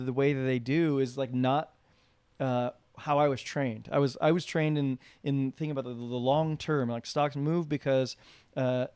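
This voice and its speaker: A man's voice: a little high, smooth, dry recording. A man co-hosting a podcast, talking loosely with many fillers and restarts. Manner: rambling, filler-heavy, restarts often. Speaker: podcast co-host. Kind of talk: casual chat.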